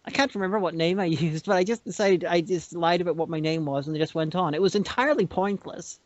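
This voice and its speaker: A woman co-hosting a podcast, speaking in a halting, stammering way in casual chat. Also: lowish voice, darkish tone. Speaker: podcast co-host. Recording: dry, dull lo-fi audio.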